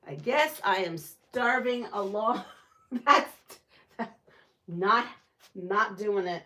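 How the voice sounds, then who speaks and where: Her voice is medium-pitched, bright and forceful, with lively intonation, a slow pace and long pauses. She hosts a quilting channel, chatting and laughing with viewers during a casual live stream while she sews in her quilting room.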